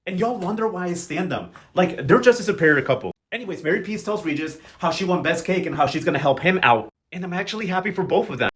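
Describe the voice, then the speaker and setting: A young man talks fast in a slightly high voice, recapping a soap opera like gossip with friends. His delivery is sassy and slang-filled, quick quips tumbling one after another. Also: a bit bright. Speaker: recap vlogger.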